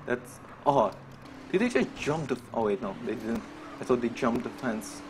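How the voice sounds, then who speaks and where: Man, mid pitch, excitable game role-play streamer, cusses freely, faint typing behind. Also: moderate pace, background noise. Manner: excitable, swears a lot, laughs often.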